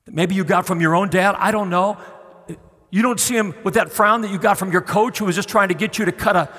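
Middle-aged guy preaching, kinda high voice, goes loud then really soft, big echo like a church hall. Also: a little fast. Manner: swings from loud pleading to hushed, tender near-whisper. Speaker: guest preacher. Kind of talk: sermon. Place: church sanctuary. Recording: long hall reverb.

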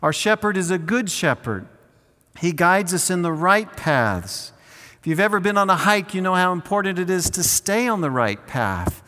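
A man preaching a sermon in an earnest way, slowing down on key phrases and leading the congregation to repeat lines after him. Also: high-pitched, sing-song, sharp tone, big-room sound. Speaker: pastor.

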